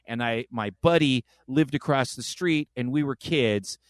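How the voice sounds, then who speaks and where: This unhurried podcast host has a mid-range voice and tells animated stories in a casual chat, performing the different voices himself. The recording has no echo.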